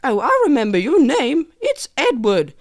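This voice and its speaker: A man's voice: extremely high pitch, wildly swooping pitch, moderate pace, no room sound, clean studio sound, voice pushed up, exaggerated voice. A young man voicing a flustered pioneer mother with a British accent who keeps fumbling her children's names.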